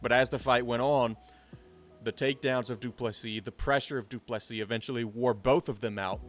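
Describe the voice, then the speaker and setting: A man's voice: mid-range voice, fairly even intonation, brisk, a bit bright, faint music behind. A young man giving a casual, blunt and profane breakdown of fight results, full of strong opinions. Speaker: MMA commentator.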